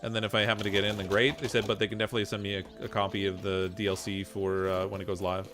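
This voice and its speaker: A man's voice: fairly low pitch, level tone, rapid-fire, music in the background. A man with a Canadian accent, chatting casually while gaming, reading chat comments aloud and laughing often. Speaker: gameplay streamer reading chat.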